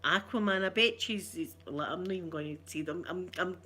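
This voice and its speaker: A woman's voice: on the low side, a little fast, very noisy. A woman with a Scottish accent chatting casually with her livestream viewers in a rambling, self-teasing way. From Scotland. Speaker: ASMR streamer chatting with viewers.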